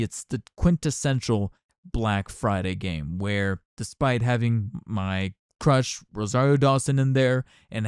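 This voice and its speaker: A man's voice: medium pitch, darkish tone, clean tone, no room sound, studio quality. A man hosting a solo podcast, talking casually and candidly, rambling with restarts and asides. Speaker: podcast host. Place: home recording setup.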